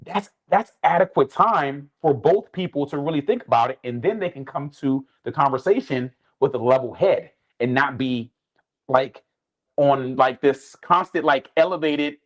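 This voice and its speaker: A man's voice: medium pitch, moderate pace. A man co-hosting a podcast, giving advice in an earnest, casual way with many restarts. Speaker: podcast co-host.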